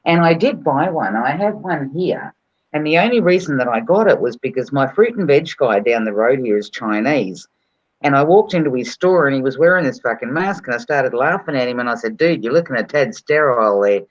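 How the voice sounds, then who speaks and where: A man's voice: mid-range voice, expressive, fairly quick. A man telling brash, profane stories in casual chat. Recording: dull lo-fi sound.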